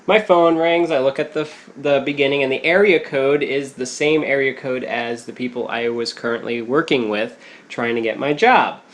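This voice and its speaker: A young man co-hosting a casual podcast, telling a story in an animated way, laughing often and acting out quotes. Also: mid-range voice, normal speed. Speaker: podcast co-host.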